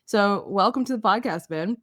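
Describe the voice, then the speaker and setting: A woman's voice: mid-range voice, moderate pace, a bit bright, no room sound, studio quality. A woman hosting a podcast interview, upbeat and enthusiastic. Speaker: podcast host.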